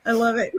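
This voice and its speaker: A woman guesting on a casual podcast, chatty and quick to laugh. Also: extremely high pitch, fairly bright tone, no room sound.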